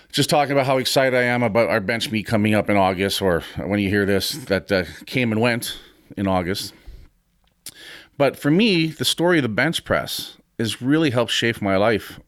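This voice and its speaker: A man's voice: lowish voice, a bit bright, no echo, studio quality. A man in his fifties hosting a podcast, talking frankly and with some swearing about confidence and training. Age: 50s. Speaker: podcast host and gym owner. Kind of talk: casual podcast talk.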